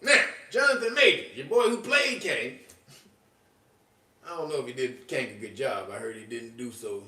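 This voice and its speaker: Man, podcast host, casual commentary, fairly high voice, bright tone, laughs a lot, slangy, echoey room, distant from the mic. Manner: animated, laughs often, slangy and profane.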